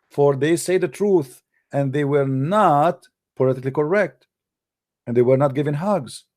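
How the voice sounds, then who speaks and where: Slightly high but dark in tone, this man's voice belongs to a religious debater. On a livestream he lectures with combative energy, ridiculing and berating opponents in English that isn't his first language.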